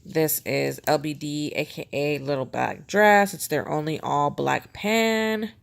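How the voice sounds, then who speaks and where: Deep and creaky, the woman speaks at a measured pace. She's a planner vlogger casually showing off her pens at home, rambling along in a chatty, self-mocking way.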